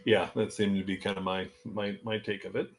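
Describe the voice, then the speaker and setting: A man hosting a casual community call over a remote link, speaking in a relaxed, halting way with frequent fillers. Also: fairly low pitch, a little hiss or hum. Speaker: host.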